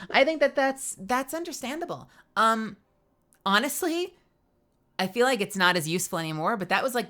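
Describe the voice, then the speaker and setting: A woman in her thirties, a streamer chatting casually with viewers, outspoken and swearing freely, with lots of "like" fillers and an animated delivery. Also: low voice. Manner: animated, swings between quick bursts and drawn-out phrases. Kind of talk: casual live-stream chat, answering viewers.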